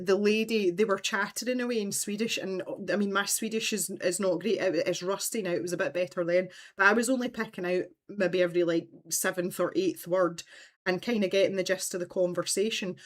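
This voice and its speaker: A woman chats casually as she hosts a craft livestream. She tells long, roundabout stories in an easy, conversational way and reads out comments from her viewers. Her voice sits at a middle pitch. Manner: rambling, chatty storytelling, reads out viewer comments.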